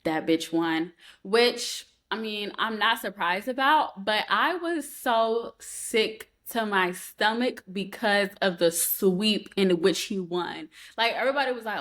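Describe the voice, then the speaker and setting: A woman co-hosting a podcast, telling a story in a heated, profane, animated way. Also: mid-range voice, slow. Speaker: podcast co-host. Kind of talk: casual chat.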